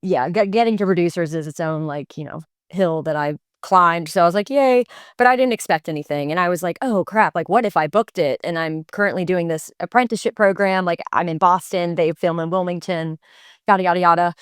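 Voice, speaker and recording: A woman in her twenties chats animatedly as a podcast guest, full of fillers and restarts. Her voice sits on the low side and comes across smooth and clear. The sound is close and dry. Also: a little fast, no echo. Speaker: actor guest. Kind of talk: casual interview storytelling. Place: podcast studio.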